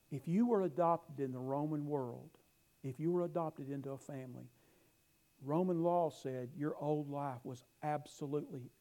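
A middle-aged man preaching a sermon, telling stories with emphatic rises and quiet asides. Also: medium pitch, rough recording. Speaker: pastor.

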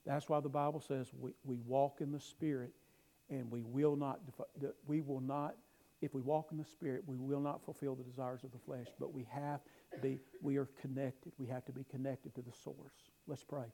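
A middle-aged man preaching a sermon, telling stories with emphatic rises and quiet asides. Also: medium pitch, level tone, moderate pace, vocal fry, rough recording. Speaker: pastor.

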